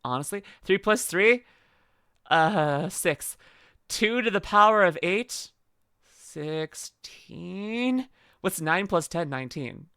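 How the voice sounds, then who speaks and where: Young adult woman, playful casual stream chat, giggly, very lively pitch, dry close mic. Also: dry recording. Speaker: VTuber streamer.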